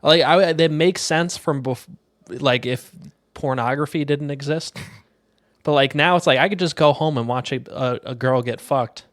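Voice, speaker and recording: A man's voice: fairly high pitch, moderate pace, no room sound. Blunt young man, dry close sound. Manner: blunt, offhand, reads aloud flatly. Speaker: podcast co-host. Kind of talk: casual crude chat.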